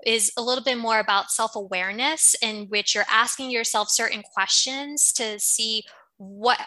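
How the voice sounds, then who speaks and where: Bright, forceful woman with a faint New York accent. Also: on the high side, normal speed, low-quality recording. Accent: slight New York. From Brooklyn, USA. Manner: articulate, reflective explaining. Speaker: podcast guest, agency founder. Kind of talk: interview conversation.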